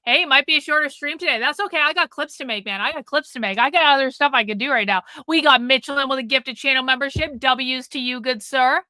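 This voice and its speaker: Speaking fast and barely pausing, a woman with a high, bright voice hosts a live stream and talks bluntly to her chat, swearing often and nagging them. The sound is close and dry, with no echo or room tone.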